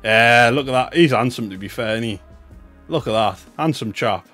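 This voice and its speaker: A young man giving excitable, chatty commentary on a live stream, swinging between loud bursts of hype and muttered asides. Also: medium pitch, normal speed, soft background music. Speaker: livestreamer opening trading cards.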